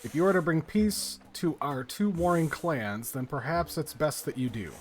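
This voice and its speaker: A man voicing a solemn male village chief in a game, speaking in a measured way. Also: a little high, lively intonation, close to an everyday voice.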